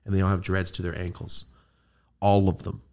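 A man hosting a podcast, telling a story in casual chat, animated and swearing a lot. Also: deep voice, normal speed, gravelly. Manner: animated, swearing, quoting friends in put-on voices. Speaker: podcast host.

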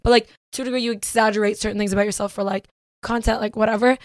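Woman, quick and chatty, a bit high, dry close sound. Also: fairly even intonation, no echo. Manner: fast, laughing, chatty. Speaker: podcast co-host, content creator. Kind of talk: casual group chat.

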